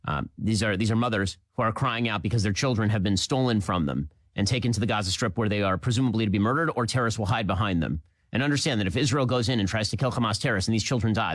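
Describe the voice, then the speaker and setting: A man hosting a political commentary show, delivering a rapid, emphatic, indignant monologue with repeated phrases. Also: on the low side, dry recording.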